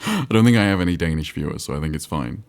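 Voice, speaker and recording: Deep-voiced game streamer. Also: male voice, animated, fast talker. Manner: chatty, rambling, reads chat aloud. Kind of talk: casual live-stream commentary.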